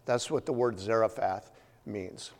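A man's voice: on the low side, measured pace. A man preaching a sermon, retelling a story in a conversational way with many fillers and humorous asides. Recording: long hall reverb.

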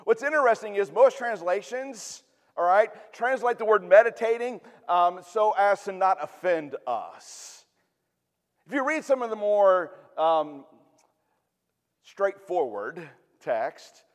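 A man's voice: high voice, big pitch swings, unhurried, big-room sound. A man preaching a sermon in a conversational way, with humorous asides. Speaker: pastor.

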